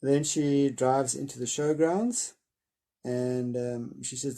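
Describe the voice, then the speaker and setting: A man reading a chapter of a children's novel aloud, then retelling it in a loose, hesitant way with many pauses. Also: mid-range voice, steady tone, mellow.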